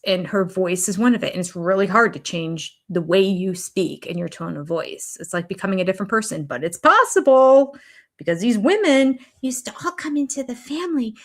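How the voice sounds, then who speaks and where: Older woman, reaction host, mid-pitched voice, chatty and opinionated with rambling asides. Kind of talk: casual reaction commentary.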